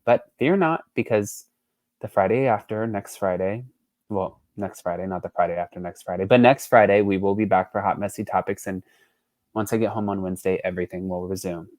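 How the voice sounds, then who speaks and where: A man hosting a casual celebrity gossip channel, reading out quotes with lively emphasis and chatting to his viewers off camera. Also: deep voice, a little fast, no room sound, clean studio sound. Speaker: host. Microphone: not on camera, voice-over.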